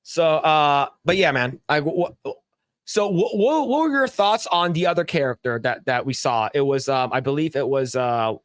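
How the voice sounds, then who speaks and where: A man with a somewhat high voice hosts a loose podcast chat. He laughs a lot and swears freely, and he acts out the scenes he describes. The sound is dry and close, with no room around it. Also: lively intonation, normal speed, dry recording. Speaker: podcast host. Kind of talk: casual chat.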